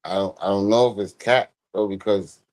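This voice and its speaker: Low-voiced man laughing through slangy chat. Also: steady tone, normal speed, darkish tone, dry recording, low-quality recording. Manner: laughing, slangy, stumbling restarts. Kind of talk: casual group chat.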